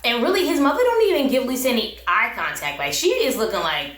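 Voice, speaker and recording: Sassy woman recapping tv, kinda high voice, echoey room, a bit off mic. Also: huge pitch swings, moderate pace, a bit bright. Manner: chatty, sassy, laughs often. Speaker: recap vlogger. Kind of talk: casual review chat.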